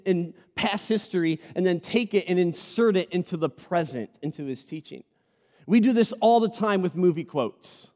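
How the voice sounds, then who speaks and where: A man preaching a sermon as pastor, animated and conversational, asking the congregation to repeat words back to him. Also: high voice. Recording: reverberant hall.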